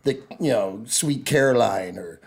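A man hosting a comedy podcast, chatting in a rambling, animated way with lots of fillers and laughs. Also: on the low side, unhurried, gravelly, slightly rough. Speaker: podcast host. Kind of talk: casual comedic chat.

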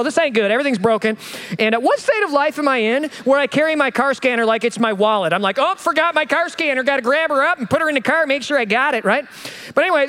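A man's voice: very high-pitched, a bit bright. A man, preaching a sermon as a jokey, self-deprecating storyteller. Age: 30s. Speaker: pastor.

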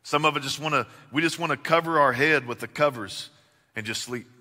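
A man preaching a sermon, swinging from loud, emphatic lines to hushed, intimate questions. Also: fairly high pitch, a little fast. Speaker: pastor. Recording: long reverb of a large hall.

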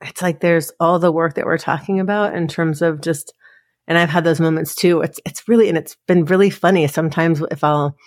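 A woman's voice: low-pitched, steady tone, a little fast, no echo. Candid woman telling stories, dry close mic. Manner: candid, storytelling, quotes herself and her son. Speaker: podcast guest. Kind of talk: casual conversation.

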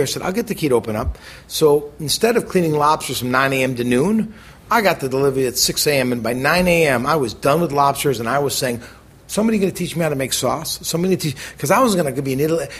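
A middle-aged American man, a chef as interview guest, telling animated stories and acting out the people he quotes. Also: mid-range voice, slightly rough. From United States. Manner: animated, acts out quoted voices, quick bursts. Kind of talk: conversational storytelling.

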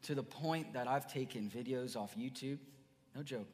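A man preaching a sermon as pastor, earnest, dropping to soft murmurs then rising to emphatic bursts. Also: medium pitch, moderate pace. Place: church sanctuary. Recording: church hall reverb.

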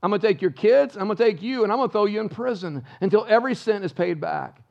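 A man's voice: high-pitched, expressive, quick pace, gravelly, lo-fi sound. A pastor putting on a stern parable king. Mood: threatening.

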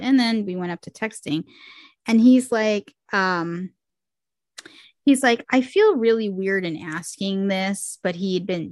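A woman co-hosting a podcast, telling stories in lively casual chat with plenty of fillers. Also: medium pitch, no echo. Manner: animated storyteller, many fillers. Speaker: podcast co-host.

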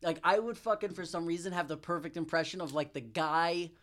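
A man's voice: a little high, steady tone, fairly quick, fairly bright tone. A man in his thirties, a podcast guest, rambling through casual chat with lots of fillers and swearing. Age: 30s. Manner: rambling, full of fillers and swearing, breaks into impressions.

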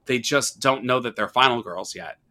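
Podcast host, male, bright lively voice, animated storyteller who acts out quotes. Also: medium pitch, moderate pace. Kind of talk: casual horror movie discussion.

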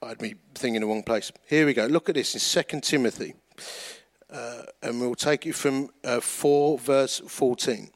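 A man's voice: medium pitch, moderate pace. A middle-aged male pastor, preaching in a chatty storytelling way that pokes fun at himself and acts out the voices of people in his stories. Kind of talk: storytelling sermon.

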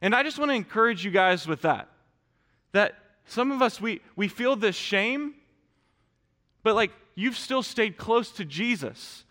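A pastor's high-pitched, expressive voice comes across bright and forceful at a measured pace, with big-room sound around it. Preaching in the church sanctuary, he speaks to the congregation in an earnest, direct way, with frequent restarts.

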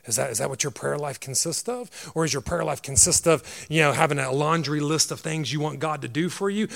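A man preaching a sermon as a pastor, with a loud, grumbly voice and a direct, emphatic manner full of rhetorical questions. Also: a little high, quick pace, creaky, hardly any pauses.

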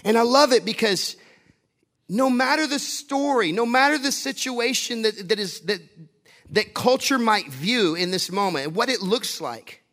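Male pastor, high voice, jokey conversational sermon, long church reverb. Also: a bit bright. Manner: conversational, joking preaching with asides to the congregation.

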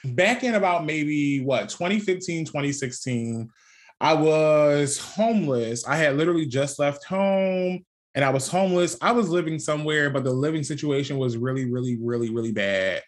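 A man's voice: fairly high pitch, normal speed. A young man co-hosting a podcast, telling a personal story in casual chat, candid and swearing freely with frequent laughs. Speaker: podcast co-host.

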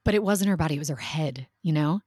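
Middle-aged woman podcast co-host, lowish voice, lively storyteller, dry close sound. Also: quick pace, breathy edge, dry recording. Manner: animated, acts out quotes of others.

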